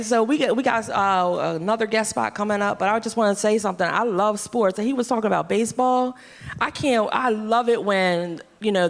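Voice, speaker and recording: Philly woman emceeing a comedy night, playful teasing, voice ringing around the room. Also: a little high. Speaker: comedy show host. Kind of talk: stand-up hosting banter. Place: comedy club stage. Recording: live club with long reverb.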